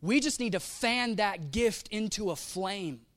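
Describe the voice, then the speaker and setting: A male pastor delivering a lively sermon, chatty and full of slang, slipping into little acted-out asides. His voice sits high for a man and bounces around as he tells the story. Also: unhurried. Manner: casual, animated preaching with slang and acted-out asides.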